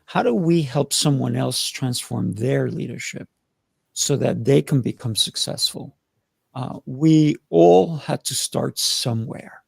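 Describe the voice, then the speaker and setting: A man's voice: mid-range voice, takes it slowly, vocal fry, slightly rough, no room sound. A man hosting a panel talk, speaking earnestly and often repeating words as he builds his point. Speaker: host.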